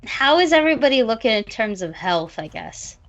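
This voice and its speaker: A woman's voice: fairly high pitch, very animated, a little fast, fairly bright tone, muffled recording, soft background music. A woman playing in a tabletop game, talking casually with lots of hesitations and some swearing. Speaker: player.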